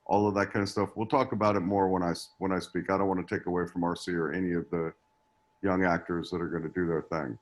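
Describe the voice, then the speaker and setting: A man's voice: low voice, flat delivery, fast talker. A man speaking as a guest agent in an online acting class, earnest and rambling with many restarts. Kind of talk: advice in a live video-call class. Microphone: video call.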